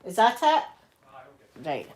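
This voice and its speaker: Hosting a relaxed livestream on her channel, this Glaswegian woman rambles and chats, dropping in Scots words. Her fairly high voice swoops wildly in pitch, moves slowly and sounds a bit mellow, with a slight hiss or hum.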